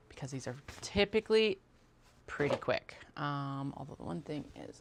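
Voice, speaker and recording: A woman's voice: fairly low pitch, moderate pace, gravelly, a little hiss or hum. A woman hosting a sewing livestream, chatting casually and talking herself through each step, with the odd muttered curse. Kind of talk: casual chat while sewing.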